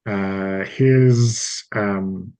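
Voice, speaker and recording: A man running a tabletop game as game master, describing the scene slowly and hesitantly with many fillers. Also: lowish voice, steady tone, mellow, smooth. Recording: dull lo-fi audio.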